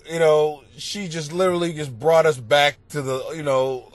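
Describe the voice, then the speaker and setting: A middle-aged male comedian telling rambling, profane stories on his podcast, bursting into loud exclamations. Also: fairly high pitch, normal speed, no room sound. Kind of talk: comedic storytelling monologue. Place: basement at home.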